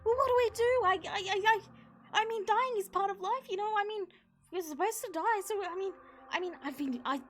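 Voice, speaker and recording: A woman voicing an excitable, nervous male flying centaur who gushes and stammers in a tabletop game. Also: a little high, unhurried, hardly any pauses, close to an everyday voice. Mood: panicked. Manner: gushing, stammering, panicky.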